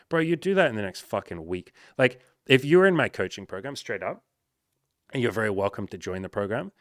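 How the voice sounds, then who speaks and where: A man in his thirties giving blunt dating advice to a viewer, swearing freely and breaking into loud hyped-up bursts. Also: fairly low pitch, big pitch swings, quick pace, no echo. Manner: swears often, loud bursts of hype, calls listener bro. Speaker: dating coach. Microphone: home microphone. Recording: dry close mic, some noise.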